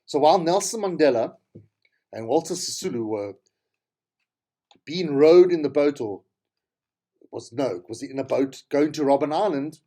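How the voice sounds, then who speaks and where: A man's voice: a little high, lively intonation, moderate pace, pauses often, mellow. A middle-aged man with a South African accent, telling rambling, tangential stories as a podcast host. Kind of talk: casual monologue.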